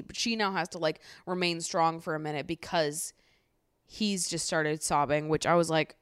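Smooth-voiced woman ranting about reality TV. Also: lowish voice, brisk, dry recording, clean studio sound. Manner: animated, swears freely, exasperated ranting. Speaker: podcast host. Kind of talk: casual reality TV recap.

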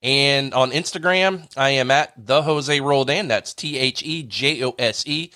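A man's voice: medium pitch, measured pace, pushed and bright, dry recording, studio quality. A man hosting a radio interview show, reacting briefly and reading out his social media handles.

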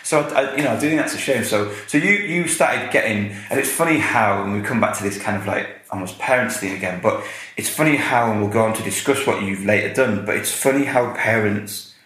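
A man hosting an interview, asking questions in a halting way and often restarting them. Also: on the low side, fairly bright tone, reverberant, poor audio. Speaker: podcast host. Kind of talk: casual interview chat.

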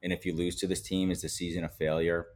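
Man, low voice, podcast host, teasing, steers the chat. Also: little pitch movement, quick pace. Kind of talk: casual sports chat.

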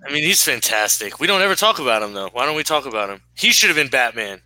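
Bright-voiced man rambling in casual chat. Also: medium pitch, sing-song, quick pace, no echo, poor audio. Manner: rambling, filler-heavy, many restarts. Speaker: podcast co-host. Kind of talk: casual sports podcast chat.

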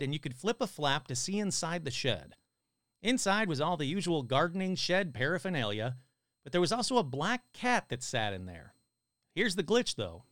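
A man's voice: on the high side, no echo, clean studio sound. A man hosting a live stream, reading listener stories aloud and cracking jokes between them. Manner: animated, joking asides between stories.

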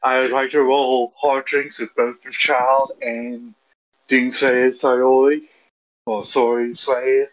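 A man's voice: mid-range voice, level tone, takes it slowly, dull audio. A man playing a tabletop game over voice chat, matter-of-fact. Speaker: player. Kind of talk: casual play over voice chat.

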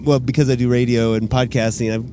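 A man who hosts radio, a guest on a casual podcast, rambling with chuckles and halting restarts. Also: mid-range voice, flat delivery, dark tone, a little hiss or hum.

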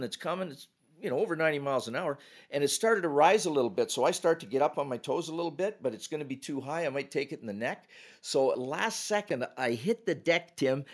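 An older man from Canada, a retired hockey referee and podcast guest, telling stories in a lively way and acting out quotes. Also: a little high, fairly quick. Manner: animated storyteller acting out quotes. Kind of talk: podcast storytelling.

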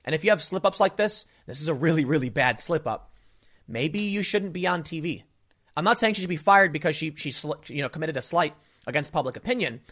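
A man's voice: fairly high pitch, animated, fairly quick, a bit bright. Rambling male political commentator. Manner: rambling, frequent restarts and fillers. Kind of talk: casual opinion monologue.

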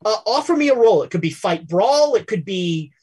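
A woman narrating as game master of a tabletop game, halting and full of fillers. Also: mid-range voice, very animated, darkish tone, breathy edge. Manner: hesitant, full of fillers and laughs while describing scenes.

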